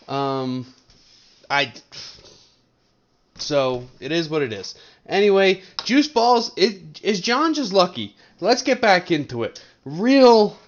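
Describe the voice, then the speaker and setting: The audio is dull, but this young man's high voice comes through with a fairly bright tone. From Colorado, he recaps his fantasy league to a desk webcam, casual and rambling, ribbing his friends as he jokes.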